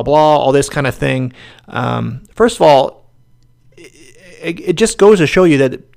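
A man co-hosts a political podcast with a gravelly, somewhat high voice. He talks in halting bursts full of ums and restarts. His tone turns blunt and dismissive as he gives his opinions. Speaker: podcast co-host. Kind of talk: casual political commentary.

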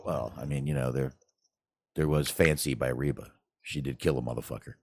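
A man's voice: very deep voice, fairly even intonation, moderate pace, vocal fry, darkish tone, no room sound, clean studio sound. A man co-hosting a podcast in casual chat, rambling and making self-deprecating, salty jokes. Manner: salty, profane humor. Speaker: podcast co-host.

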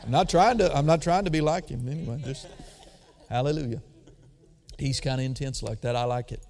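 Booming preacher in a reverberant hall. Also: male voice, quick pace. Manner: dramatic swings between booming emphasis and quiet asides; calls for audience response. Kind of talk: sermon. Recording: long reverb of a large hall.

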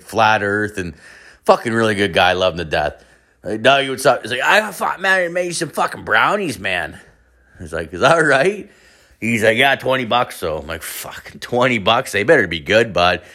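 A young man with a somewhat low voice tells a meandering personal story. He swears constantly, trips over his own restarts and talks in loose, laid-back slang. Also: a bit bright. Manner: profane, rambling, stoner slang, frequent restarts. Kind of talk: casual rambling anecdote.

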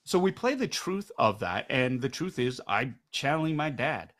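A middle-aged man speaks as an interview guest. His pitch sits in an ordinary middle range, and he argues with energy, throwing out rhetorical questions and tagging his points with "right?". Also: very animated, moderate pace, a bit bright. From Canada. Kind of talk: candid conversational interview.

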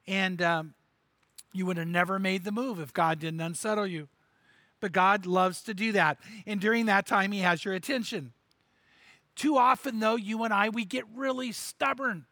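A middle-aged male pastor delivers a sermon in a high, bright voice. He tells stories with energy, slipping into the voices of the people in them. The sound is close and dry. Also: normal speed, no echo. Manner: animated storyteller, acting out voices in anecdotes.

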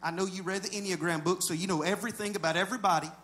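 Talking very fast with fairly even intonation, a male pastor preaches to his congregation in a conversational way. He moves from low asides up to loud, shouted high points.

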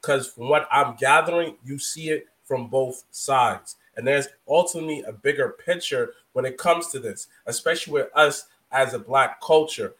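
A man with a voice of ordinary pitch hosts a casual podcast. He asks long, rambling questions and wanders through his thoughts before he gets to the point. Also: normal speed, few pauses, a bit bright. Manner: meandering, long-winded questions.

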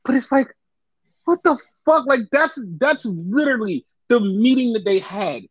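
A man hosting a casual podcast chat, telling stories in a profane, animated way and putting on voices for the people he quotes. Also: extremely high pitch, moderate pace, no room sound, lo-fi sound. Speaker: wrestling podcast host.

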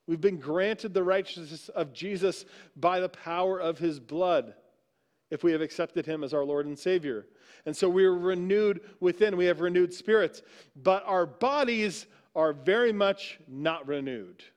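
High-voiced man preaching conversationally. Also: unhurried. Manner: conversational preaching, frequent "right?" asides. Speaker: pastor. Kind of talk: sermon. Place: church sanctuary.

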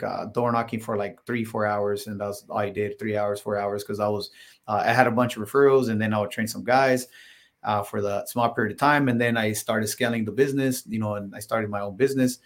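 A man guest on a podcast, telling stories in a casual, filler-heavy way and getting animated when he quotes himself. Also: fairly low pitch, fairly quick. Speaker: podcast guest, solar salesman. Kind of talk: casual interview storytelling.

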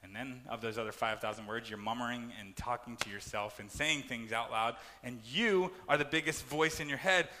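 A man preaching a sermon as pastor, animated and acting out complaining voices. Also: medium pitch, moderate pace, hardly any pauses, in a large hall, a little hiss or hum.

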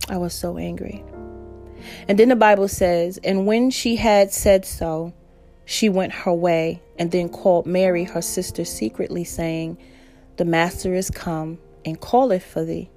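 A woman's voice: fairly low pitch, gravelly, dark tone. A woman preaching a sermon, reading scripture aloud and speaking from the heart.

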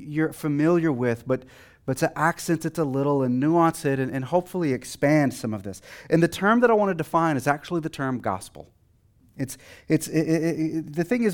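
A man from Texas with a light Texan accent, a pastor giving a conversational sermon full of fillers and restarts. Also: fairly high pitch.

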